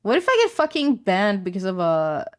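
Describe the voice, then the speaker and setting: A woman's voice: mid-range voice, big pitch swings, moderate pace, a little hiss or hum. A young woman streamer chatting casually, rambling in a laid-back way, swearing and laughing often. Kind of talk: casual chat.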